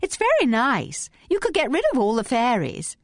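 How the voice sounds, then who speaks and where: A woman voicing a vague, dreamy woman with a high, fluttery, plaintive way of speaking. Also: huge pitch swings, normal speed, dry recording, studio quality. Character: dreamy, fussy young-seeming woman, childish.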